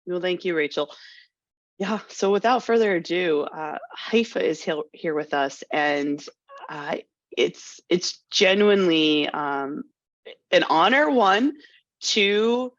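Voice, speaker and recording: A woman hosting a video call panel, introducing a guest with frequent restarts and pauses. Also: low voice, no room sound. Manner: halting, restarts often. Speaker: host. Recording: dull dry video call audio.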